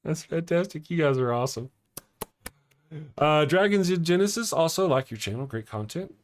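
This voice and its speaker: A man's voice: a little high, lively intonation, normal speed. A middle-aged man hosting a casual morning livestream, rambling and chatty as he reads viewer comments aloud. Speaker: morning show livestream host.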